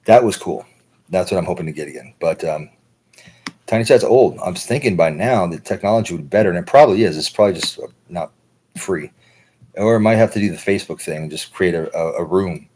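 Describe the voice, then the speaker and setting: This livestream host, a man from the United States, talks at a brisk clip in a loose, meandering monologue. His voice is deep, husky and a little raspy, yet easygoing, and he curses often while repeatedly ending lines with "right?".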